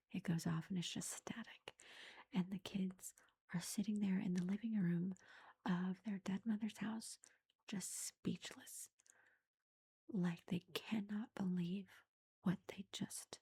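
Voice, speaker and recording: A woman whispering her way through an ASMR book review, her voice almost all breath with a gravelly edge. The tone is dark and mellow as she rambles through the plot, leaning on "like" and "you know" between thoughts. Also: medium pitch, steady tone, slow pace, long pauses. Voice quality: unvoiced whisper.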